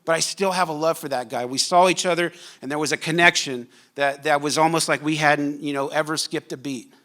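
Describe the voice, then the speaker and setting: A man's voice: a little high, steady tone, fairly quick, sharp tone. A man, a pastor preaching a sermon to his congregation in a church, talking casually and joking with the room. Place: church sanctuary.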